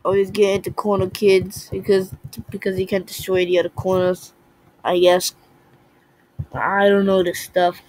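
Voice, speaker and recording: Excitable young woman gaming commentary. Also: medium pitch, moderate pace, no room sound, poor audio. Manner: excitable, shouts and mutters at the game. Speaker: gaming video creator. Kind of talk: casual gameplay commentary.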